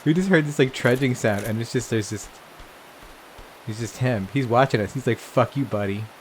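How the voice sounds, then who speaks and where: A man's voice: medium pitch, moderate pace, slight background noise. Profane, chatty man playing a game. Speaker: let's play gamer. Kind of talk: casual gameplay commentary.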